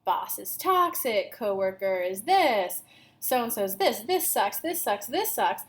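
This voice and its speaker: A woman's voice: fairly high pitch, big pitch swings, slow pace. A woman giving a channeled spiritual talk, speaking as a collective "we" and repeating her key phrases earnestly. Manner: speaks as a collective "we", talks about herself in the third person.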